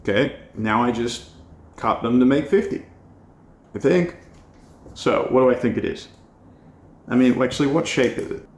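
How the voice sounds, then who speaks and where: A man's voice: mid-range voice, moderate pace, long pauses. A man thinking aloud as he designs, muttering to himself and laughing at his own mistakes. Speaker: design video creator. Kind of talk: casual think-aloud commentary while designing. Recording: echoey room with a poor mic.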